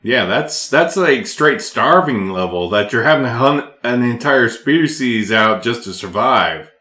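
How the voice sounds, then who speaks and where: A man hosting a casual podcast, telling stories full of swearing. His mid-pitched voice is bright and forward. The room around him is echoey. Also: unhurried. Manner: profane, animated anecdotes. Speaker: podcast host. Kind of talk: casual chat, storytelling.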